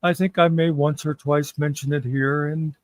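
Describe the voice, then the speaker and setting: A man's voice: fairly high pitch, steady tone, normal speed, no room sound. A man co-hosting a casual chat, teasing with dry humor. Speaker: co-host. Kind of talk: casual banter.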